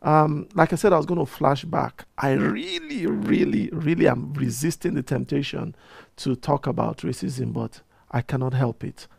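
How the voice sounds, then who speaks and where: A man, a reverend hosting his own program, telling a personal story in a casual, animated way and often restarting his sentences. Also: medium pitch, normal speed, gravelly, husky, no room sound. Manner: animated storyteller who gets heated and repeats himself. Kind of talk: casual talk-show monologue, personal storytelling.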